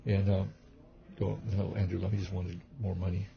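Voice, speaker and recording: A man, a kung fu teacher and reverend, telling rambling, animated stories in a casual interview, with many restarts. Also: sits low, brisk, gravelly. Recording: dull lo-fi recording.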